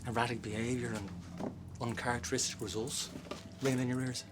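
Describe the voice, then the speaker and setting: An actor with an Irish accent playing a mocking police officer who turns defensive and insistent, in a TV crime drama. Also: male voice, mid-range voice, flat delivery, brisk, lightly acted. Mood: taunting. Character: sly, taunting male police officer. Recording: clear background noise.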